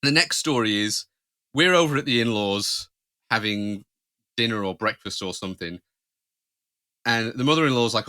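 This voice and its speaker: A man's voice: fairly low pitch, moderate pace, pushed and bright. A man co-hosting a podcast, telling family stories in casual chat, laughing often and acting out voices. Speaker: podcast co-host.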